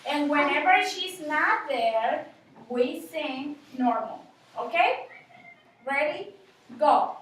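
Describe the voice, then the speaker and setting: A woman's voice: sits high, lively intonation, slow, pauses often, a bit bright, slight background noise. A woman teaching a music lesson to young children, giving patient instructions and switching between English and Spanish, recorded from across a classroom. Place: school classroom. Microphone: distant camera mic. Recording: echoey classroom from far off.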